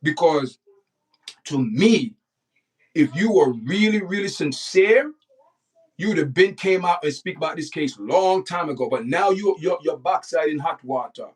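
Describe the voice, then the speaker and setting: A man's voice: a little high, expressive, measured pace, husky, far from the mic. A man hosting a livestream, giving indignant, preachy commentary and repeating himself for emphasis. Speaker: livestream host.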